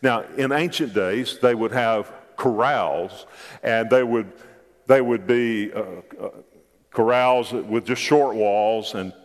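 In a church sanctuary awash with long, large-hall reverb, a male pastor delivers an emphatic sermon straight to his congregation, repeating his words. He speaks slowly in a mid-range voice.

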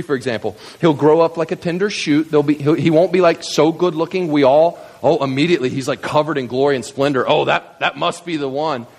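Male preacher, high and lively voice, dramatic, shouts at peaks, in a hall with a long reverb. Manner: animated, dramatic, swings from hushed to shouting; casual slang with scripture quotes. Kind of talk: sermon.

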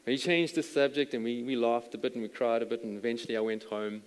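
Man, pastor, sermon, earnest, stammering repeats, middle pitch, long hall reverb. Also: steady tone, fast talker, smooth. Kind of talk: sermon storytelling.

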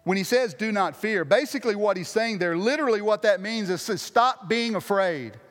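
A man's voice: sits high, normal speed, long reverb tail. A man preaching a sermon as pastor, earnest, repeating and restarting phrases for emphasis.

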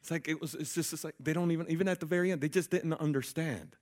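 A man preaching a sermon, telling a story with lively voices for the people in it and often checking in with his listeners. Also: a little high, fast. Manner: animated storytelling, acting out quoted people.

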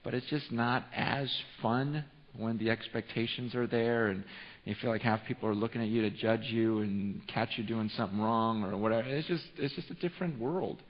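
A pastor from California, around forty, delivers a sermon built on an emotional story full of restarts. His voice is medium-pitched at a moderate pace. The recording sounds dull and reverberant, as if in a large hall.

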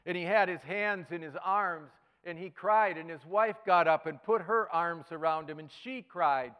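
A male pastor giving a sermon, telling a story with sudden swings between loud and hushed delivery. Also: sits high, normal speed, clear, resonant tone, muffled recording. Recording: long hall reverb.

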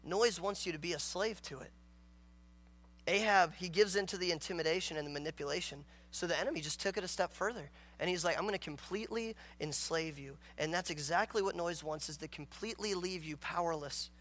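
A man's voice: high voice, a little fast, fairly bright tone. A man preaching a morning sermon as a pastor, earnest and emphatic, reading scripture aloud and acting out the characters' dialogue.

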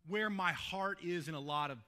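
Bright, high-voiced man preaching. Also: moderate pace. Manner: retells scripture conversationally, often adding "right?". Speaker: pastor. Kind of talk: sermon.

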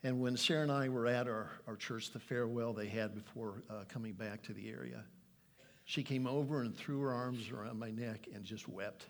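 A man's voice: medium pitch, steady tone, normal speed. An older man preaching a sermon, earnest and pleading, reading scripture aloud with emphasis. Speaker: pastor.

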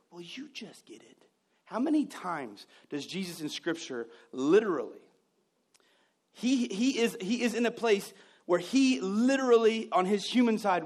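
A man preaching a sermon, telling stories with mimicked voices and joking, sarcastic asides. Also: high-pitched. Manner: jokey, sarcastic humor. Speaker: pastor.

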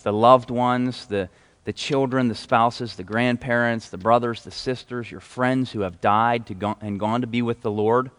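A man preaching a sermon as a pastor in a casual, enthusiastic way, reading scripture aloud. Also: medium pitch. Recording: hall reverb.

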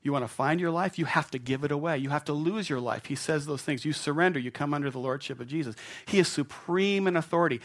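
A man's voice: on the high side, quick pace, few pauses, fairly bright tone. A male pastor preaching a sermon in a church, conversational and playful, acting out the voices of doubters. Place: church sanctuary.

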